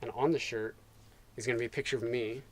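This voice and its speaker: An American man telling stories in casual chat, lively and mimicking the people in his anecdotes. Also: medium pitch, fast, crowd noise. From United States. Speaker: climber recounting a year abroad. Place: outdoors at a climbing area.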